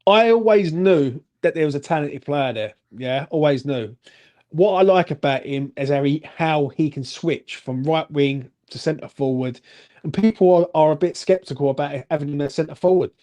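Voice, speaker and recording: A man's voice: on the high side, moderate pace, dark tone. A man, co-hosting a casual football fan chat and rating players bluntly, with some swearing. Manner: blunt, swears, asks "yeah?".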